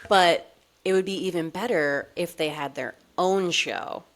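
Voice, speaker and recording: A woman's voice: fairly low pitch, a little slow. A woman co-hosting a podcast in casual chat, peppering her talk with "like". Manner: chatty, heavy use of "like". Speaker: podcast co-host.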